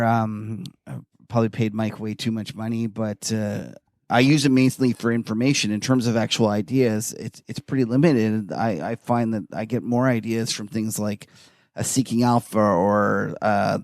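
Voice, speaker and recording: A man co-hosting a markets podcast in casual, animated chat, full of "like" fillers. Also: fairly low pitch, no echo, studio quality. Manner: animated, chatty, many "like" fillers. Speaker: podcast co-host.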